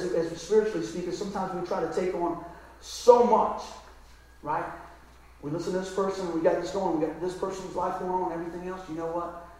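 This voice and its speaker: A pastor preaching a sermon, telling stories and asking for an amen. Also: male voice, high-pitched, a little mellow, slight background noise. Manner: storytelling, emphatic, calls out "Amen?". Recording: very echoey room, mic at a distance.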